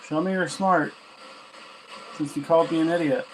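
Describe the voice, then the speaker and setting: A man's voice: on the high side, moderate pace, low-quality recording. A man at home running a ghost box session, who chats casually, asks spirits questions aloud and teases them about their answers. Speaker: paranormal investigator hosting a ghost box session. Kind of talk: casual spoken commentary while questioning spirits. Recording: steady static hiss from a ghost box.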